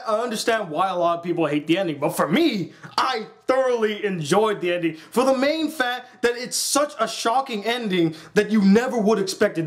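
Young male reviewer, high voice, excitable and animated, casual and profane. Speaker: anime reviewer.

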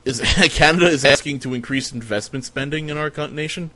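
A man streaming a strategy game, giving casual, profane, sardonic commentary as he thinks out loud. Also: a little high, a little fast.

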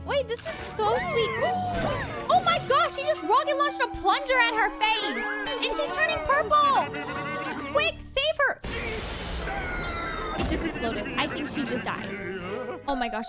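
Excitable high-voiced young woman reacting. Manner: exclaims, gasps and laughs often. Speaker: reaction video host. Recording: loud music behind.

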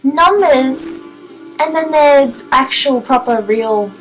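A woman in her twenties chatting casually on her live stream, excitable, giggly and rambling. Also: high-pitched, slow pace, soft background music, poor audio. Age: 20s.

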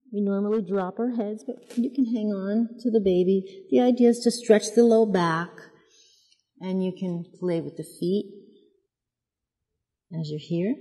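A woman leading a mother and baby yoga class, giving gentle, soothing cues and cooing at the babies. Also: medium pitch, long reverb tail. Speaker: yoga instructor. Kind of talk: guided yoga class instruction.

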